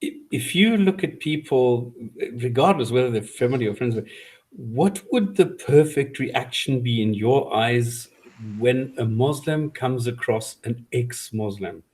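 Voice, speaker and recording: A man hosting an interview, asking questions in a measured, slightly hesitant way. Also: mid-range voice, animated, a little mellow. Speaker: host. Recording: voice distant from the mic.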